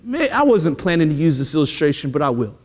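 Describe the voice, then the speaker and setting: Middle-aged preacher, high voice, hall echo. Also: male voice, sing-song, quick pace. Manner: conversational preaching, repeating "hey" and direct address. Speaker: pastor. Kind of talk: sermon. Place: church sanctuary. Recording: long reverb of a church hall.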